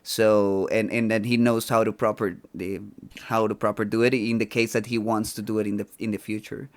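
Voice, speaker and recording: Podcast host, man, Spanish first language, smooth clear voice, hesitant and restarting. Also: on the low side, little pitch movement, brisk. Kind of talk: casual interview chat.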